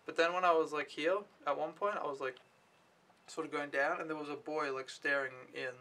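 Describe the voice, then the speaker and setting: A man's voice: a little high, fairly even intonation, fairly quick, bright, forceful tone. A young man telling his day in a casual vlog, rambling and offhand, swearing freely. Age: young adult. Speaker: au pair vlogger.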